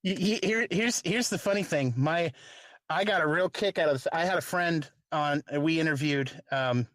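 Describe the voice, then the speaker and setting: A man's voice: fairly high pitch, normal speed, a bit bright, no room sound. A man hosting a podcast, rambling in stop-start sentences full of fillers. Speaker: podcast host. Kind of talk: casual podcast chat.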